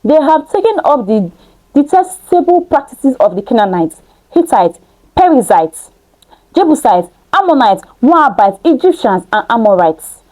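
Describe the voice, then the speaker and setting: A woman's voice: high-pitched, very animated, measured pace, a little mellow, low-quality recording. A woman reading scripture aloud and breaking off into emphatic preaching, with rhetorical questions to her listeners. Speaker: Bible study teacher.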